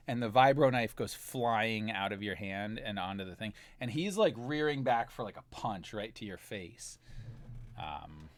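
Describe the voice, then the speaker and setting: A man's voice: medium pitch, no room sound. A man narrating a tabletop role-playing game as game master, talking in a loose, rambling way full of fillers.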